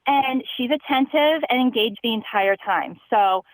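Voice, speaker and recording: A woman's voice: fairly high pitch, unhurried, no echo, low-quality recording. A woman calling in to a show and telling a story in a chipper manner, laughing through grim details. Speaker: caller.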